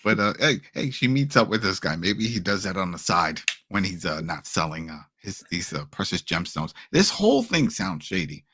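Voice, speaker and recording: A man's voice: low voice, very animated, normal speed, few pauses, pushed and bright, breathy edge, no echo. A man co-hosting a TV recap podcast, retelling scenes casually, acting out quotes and laughing often. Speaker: podcast co-host.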